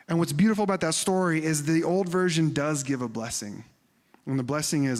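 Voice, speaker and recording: A man preaching a sermon in a conversational, animated way, acting out quoted voices and sometimes dropping to a whisper. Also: fairly high pitch, brisk, in a large hall. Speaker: pastor.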